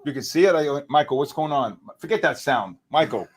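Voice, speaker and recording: A middle-aged man hosting a live futures trading stream, with excitable commentary, loud outbursts and joking exasperation. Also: on the high side, a little fast, slightly rough.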